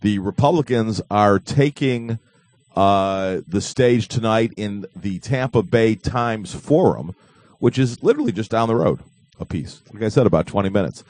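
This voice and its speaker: Brief: male talk host, rambling jokey delivery, deep voice with swooping intonation. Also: lively intonation, normal speed, a little mellow, dry recording. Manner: jokey, rambling, with many fillers and restarts. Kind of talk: casual live online talk show.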